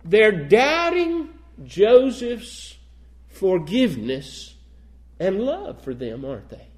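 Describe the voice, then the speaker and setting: A man's voice: high voice, very animated, takes it slowly. A man preaching a sermon, reading old-fashioned scripture aloud and then pressing his points with rising emphasis.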